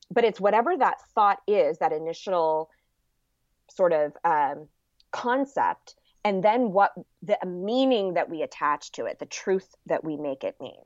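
A woman's voice: fairly low pitch, dry recording. Woman explaining in a dull, lo-fi recording. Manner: earnest and explanatory, acts out quoted inner voices. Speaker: guest. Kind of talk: casual conversational interview. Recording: dull lo-fi sound.

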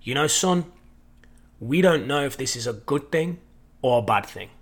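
A steady, wise father figure in a spoken parable, voiced by a male storyteller. He talks in a calm, measured way at a middling pitch.

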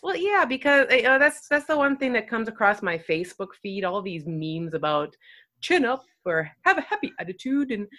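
A woman's voice: a little high, normal speed. A woman hosting a podcast in a casual, self-deprecating chat. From Minnesota. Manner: chatty, self-deprecating, lively asides. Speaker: podcast host.

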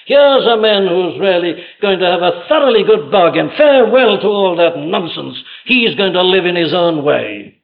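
A man's voice: high-pitched, animated, moderate pace, vocal fry, hardly any pauses. A man preaching a sermon with emphatic delivery, rhetorical questions and vivid retelling of stories. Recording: dull lo-fi old sermon tape.

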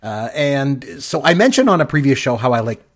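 Fast-talking husky Canadian man. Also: mid-range voice. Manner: rambling, excitable storyteller. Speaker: podcast co-host. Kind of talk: casual chat.

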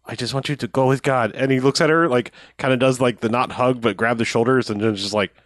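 A man's voice: medium pitch, fairly even intonation, fast, no room sound, clean studio sound. A man casually recapping an old action movie with a friend, laughing often and acting out lines from it. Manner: laid-back, rambling, laughs often, acts out quotes. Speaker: podcast co-host.

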